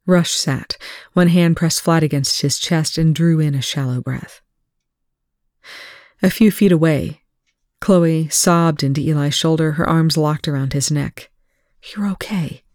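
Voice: mid-range voice, steady tone, a little slow, darkish tone, no echo. Dry-sounding reader narrating fiction. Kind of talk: proofreading read-aloud of fiction.

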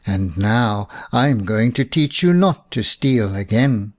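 Mocking angry farmer, lively swings in pitch, read by a man. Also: takes it slowly, no echo, studio quality. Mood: gloating. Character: angry stern male farmer.

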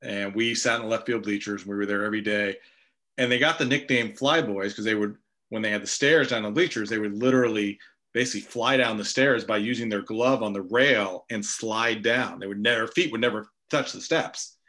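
Bright-voiced man telling stories. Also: lowish voice, a little fast. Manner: storytelling, animated anecdotes. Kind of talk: casual conversation.

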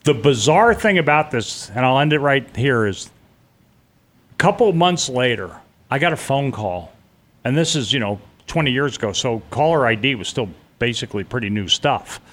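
A middle-aged man recounts a personal experience to an interviewer in a relaxed, first-person telling. His voice sits at an ordinary middle pitch, and he slips into the voices of the people he describes. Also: normal speed. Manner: vivid, conversational, acts out the voices of people he quotes. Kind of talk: casual first-person storytelling.

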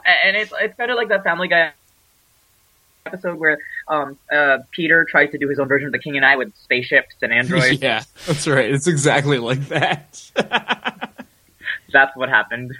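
A young man co-hosting a casual podcast, joking quickly and laughing often. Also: mid-range voice, pushed and bright, dry recording, low-quality recording. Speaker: podcast co-host. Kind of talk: casual book-club chat.

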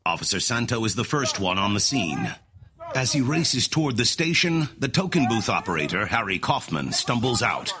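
A man narrating a true-crime podcast from a script, dropping low on ominous phrases. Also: very animated, moderate pace, a crowd in the background. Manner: dramatic, with deep drops on ominous phrases. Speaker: narrator and host.

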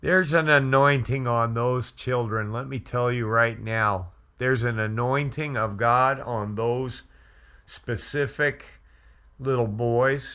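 A man who is a pastor, telling an earnest testimony story slowly and with emphasis. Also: medium pitch, fairly even intonation, pushed and bright.

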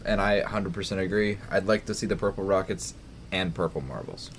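A man's voice: sits low, a little fast, slight background noise. A man on a casual podcast, chatty and explaining things at length.

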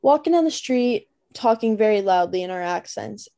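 A young adult woman co-hosts a podcast from Canada, chatting casually and telling a story with lots of fillers. Her mid-range voice is mellow and expressive, at a moderate pace.

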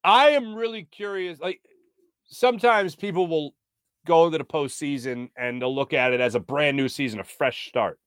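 A man's voice: a little high, normal speed, a bit bright, clean tone, dry recording, studio quality. A man hosting a sports talk show, chatting casually with lots of fillers while reading viewer comments. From United States.

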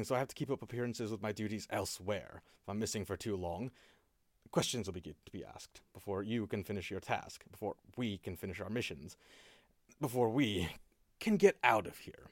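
A man's voice: lowish voice, animated, brisk, no room sound. Man voicing a sardonic spymaster watchman. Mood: explaining. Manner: dry, long-winded, condescending.

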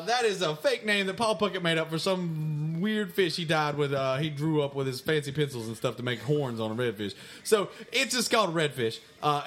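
A man's voice: fairly high pitch, a bit bright. A man playing a brash mailbag persona, answering fan questions in a rambling, mock-indignant way on a comedy podcast. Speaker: podcast co-host. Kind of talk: comic mailbag segment.

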